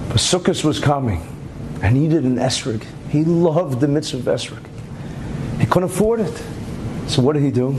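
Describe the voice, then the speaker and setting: A male rabbi giving a Torah lecture as an animated storyteller, with asides and rhetorical questions. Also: fairly high pitch, normal speed, noisy background.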